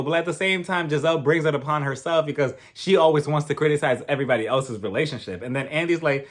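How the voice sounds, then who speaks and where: A man with a fairly high voice gossips his way through a reality show recap. He talks in a casual, opinionated way, animated and quick to laugh.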